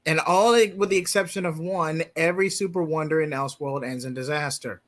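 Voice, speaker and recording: A man's voice: on the high side, brisk. A man co-hosting a casual comics discussion, jokey and playful. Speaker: podcast co-host. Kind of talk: casual chat.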